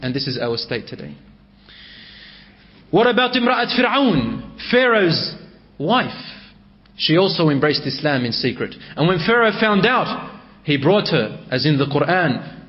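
A male preacher telling a story in a sermon, swinging between raised and hushed delivery. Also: a little high, sing-song, a little slow, dull audio.

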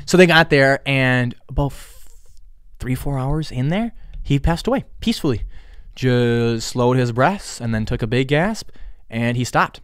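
A young man of middle pitch talks through a personal story as a podcast host, loose and rambling. He swears freely and drops in sarcastic jokes. The recording is dry and close, with little room sound. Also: fairly bright tone, dry recording. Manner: rambling, profane, with sarcastic asides.

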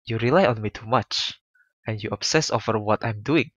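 A man's voice: fairly low pitch, normal speed, fairly bright tone, dry recording, highs cut off. A man reading the lines of a cold, cutting young male student in a visual novel, blunt and dismissive.

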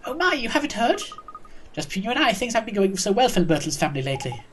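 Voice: medium pitch, big pitch swings, rapid-fire, fairly bright tone, slight background noise, pitched above the performer's own voice. A let's-play gamer voicing a gossipy old neighbor woman who calls everyone dear.

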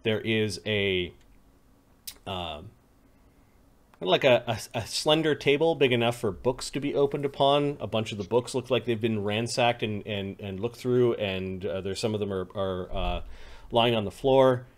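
A fairly low-pitched man serves as game master for a tabletop game, unhurriedly describing rooms and clues and chuckling between details.

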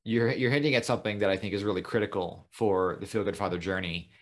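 A man's voice: on the low side, fast. A man hosting a podcast, chatting casually and praising his guest with enthusiasm. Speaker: podcast host. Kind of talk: casual interview talk.

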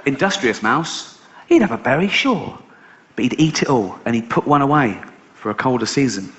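A man's voice: medium pitch, big pitch swings, normal speed, fairly bright tone, dull audio. A middle-aged man doing a stand-up routine, telling a story sardonically and swearing casually. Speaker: stand-up comedian. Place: live stage show.

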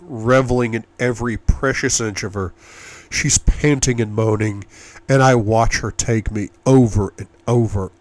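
Man reading an audiobook in a low voice. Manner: intimate, measured first-person reading. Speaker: audiobook reader. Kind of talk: audiobook narration.

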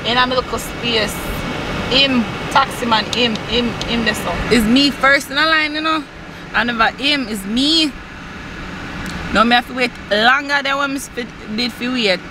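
A woman's voice: a little high, normal speed, noisy background, natural voice. A woman putting on a to play an indignant woman complaining about a queue.

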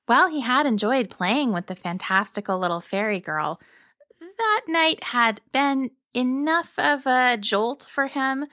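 A woman hosting a children's podcast, narrating a fairy tale in a gentle, measured way. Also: medium pitch, dry recording, clean studio sound. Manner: gentle, measured, slow storytelling. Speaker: storyteller and podcast host.

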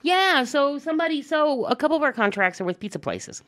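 A woman's voice: high-pitched, brisk. A middle-aged woman co-hosting a podcast in casual chat, telling stories with lots of profanity. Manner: animated storytelling, profane. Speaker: podcast co-host.

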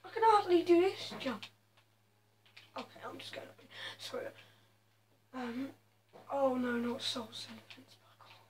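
A woman's voice: high-pitched, lively intonation, unhurried, long pauses, a little hiss or hum. A woman chatting over her own gameplay, mocking her own skill and breaking into sudden exclamations. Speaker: gaming video host. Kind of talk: casual gameplay commentary.

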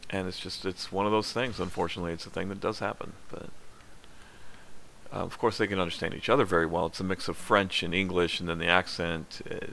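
Gravelly low-voiced male game streamer. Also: little pitch movement, fairly quick, a bit bright, a little hiss or hum. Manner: rambling, frank, with many fillers. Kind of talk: casual gameplay commentary.

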